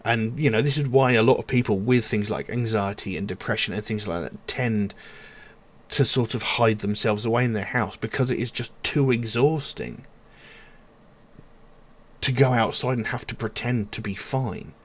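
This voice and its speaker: Speaking at a medium pitch and normal speed, a man running a music reaction channel rambles earnestly through song lyrics, his casual commentary packed with fillers.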